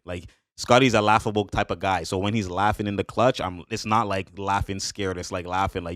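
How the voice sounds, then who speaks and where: A man reacting to basketball highlights in a hyped, slangy way, laughing often and repeating catchphrases. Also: brisk, fairly bright tone, no room sound, clean studio sound. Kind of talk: excited casual highlight reaction.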